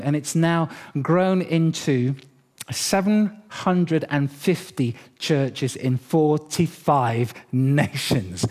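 Storytelling pastor, slightly high voice. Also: male voice. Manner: lively storytelling, animated and humorous. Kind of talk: sermon.

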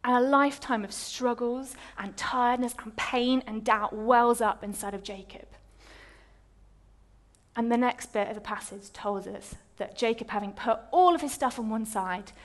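Woman, preacher, high voice, lively storytelling, sermon. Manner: lively storytelling, dramatic pauses.

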